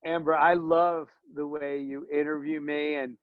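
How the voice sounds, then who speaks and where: A man talking as a podcast guest and dental business coach, energetic and joking, rambling with slang asides. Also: on the high side, measured pace, no echo, narrow, tinny audio. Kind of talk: casual podcast conversation.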